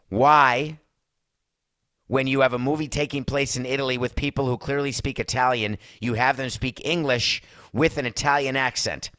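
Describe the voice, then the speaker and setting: A male podcast host with a bright, forceful voice talks in a sarcastic, rambling way and throws asides to his producer. The sound is dry and close, with no room echo. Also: medium pitch. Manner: mock Italian accent in one brief bit. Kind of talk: opinionated sports and culture talk.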